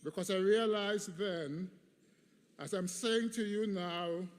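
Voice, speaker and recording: A man's voice: high voice, slow pace. A man in his fifties giving a preached commencement address in a large hall, emphatic, with rhythmic repetition. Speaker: commencement speaker. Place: large hall at a graduation ceremony. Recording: long hall reverb.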